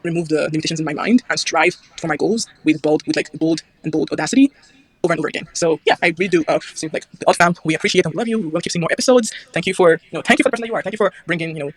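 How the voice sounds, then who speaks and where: A man's voice: a little high, racing. A man, a listener, leaving an earnest and grateful message for the host with many fillers.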